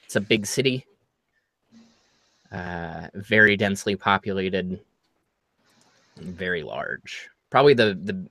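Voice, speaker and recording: Slow, deep-voiced man running a tabletop game. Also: animated, bright, forceful tone, no room sound, clean studio sound. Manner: slow, halting delivery with many fillers. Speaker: game master.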